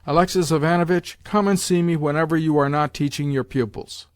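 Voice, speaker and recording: A man reading an audiobook, voicing an imperious, domineering old grandmother with a loud, sharp, commanding voice pitched above his own. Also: fairly even intonation, fairly quick, clean tone, dry recording, clean studio sound, natural voice.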